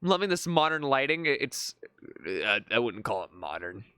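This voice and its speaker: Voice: medium pitch, very animated, normal speed, fairly bright tone, smooth, dry recording, clean studio sound. A streamer giving casual live commentary, thinking aloud and often stammering into restarts.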